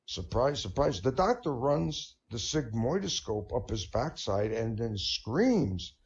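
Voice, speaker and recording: A man's voice: medium pitch, very animated, slow, lo-fi sound. A man telling corny proctologist jokes at an online stand-up night, chuckling at his own punchlines. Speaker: comedian. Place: online voice chat room.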